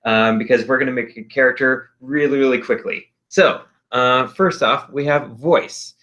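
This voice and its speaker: Bright-voiced man teaching with ums. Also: mid-range voice, moderate pace. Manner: chatty, upbeat, many ums and uhs. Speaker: expressive arts teacher. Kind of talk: casual virtual lesson.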